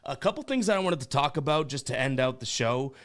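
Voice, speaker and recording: Chatty Boston podcast host, smooth voice. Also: male voice, mid-range voice, animated, fast, fairly bright tone. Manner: chatty, laughs often, stumbles over words. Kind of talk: casual reaction commentary.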